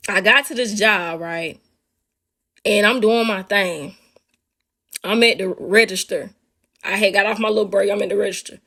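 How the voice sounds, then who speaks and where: A woman's voice: mid-range voice, moderate pace, long pauses. A woman telling her own faith story and teaching listeners, talking to them casually and with animation. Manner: animated, talks straight to listeners as "y'all". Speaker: speaker sharing a faith testimony.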